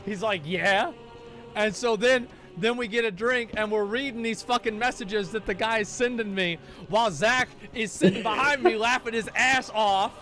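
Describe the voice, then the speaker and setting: A man telling a casual story in an animated, profane way, acting out his friends' quoted lines. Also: very high-pitched, moderate pace, few pauses, soft background music.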